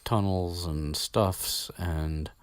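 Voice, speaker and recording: A man's voice: sits low, fairly even intonation, extremely slow, dry recording. A man casually retelling a story as podcast host, rambling with swearing and many fillers, close to the mic.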